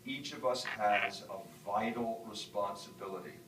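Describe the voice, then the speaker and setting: A man's voice: lowish voice, measured pace, a bit bright, distant mic, slight background noise. A middle-aged man from the northern United States speaking as an author to students, telling reflective stories with frequent "um" fillers. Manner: reflective storyteller, many "um" fillers. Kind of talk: lecture talk with audience Q&A. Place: university lecture hall. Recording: echoey hall picked up from afar.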